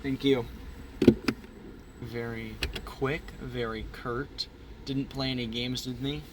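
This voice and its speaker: A man's voice: medium pitch, little pitch movement, slow, heavy background noise. Man rambling jokily in his car. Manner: rambling, self-mocking, jokey asides. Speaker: food reviewer vlogger. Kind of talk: comedic vlog monologue. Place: in a car at a drive-thru.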